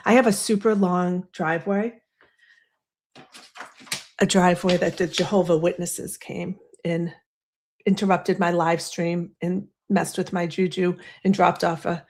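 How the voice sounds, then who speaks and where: Chatty Boston woman livestreaming from home. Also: fairly low pitch. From US East Coast. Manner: chatty, rambling, quick asides. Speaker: livestream host. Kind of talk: casual livestream chat. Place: home, snowy window behind. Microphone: desk microphone.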